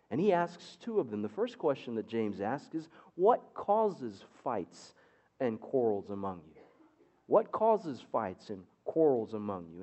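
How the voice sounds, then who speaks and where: A man's voice: on the high side, mellow. A man preaching a sermon as pastor, with wry, sarcastic asides.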